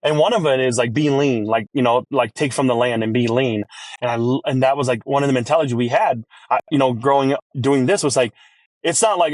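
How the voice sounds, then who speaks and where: A man who owns a restaurant, talking as a podcast guest in an energetic, rambling way and acting out his own quoted lines. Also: medium pitch, fairly quick, dry recording. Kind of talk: casual podcast interview.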